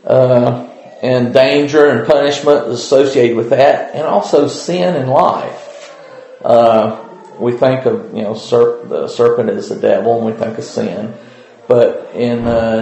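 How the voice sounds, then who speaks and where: A man giving an informal Bible study, talking with frequent pauses and "uh"s as he thinks aloud. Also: mid-range voice, creaky, warm tone, roomy sound, rough recording. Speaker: Bible teacher.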